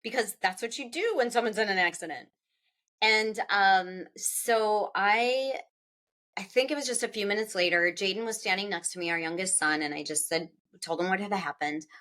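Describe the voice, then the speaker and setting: Middle-aged woman, halting grief story, lots of pauses and restarts, voice climbs when it hurts. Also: medium pitch, a bit bright. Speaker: author and interview guest. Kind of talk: emotional personal storytelling.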